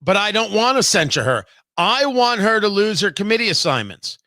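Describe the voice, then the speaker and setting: A man's voice: high voice, very animated, normal speed, pushed and bright, no echo. A male talk show host giving a rambling, sarcastic political commentary monologue, full of restarts and tangents. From United States.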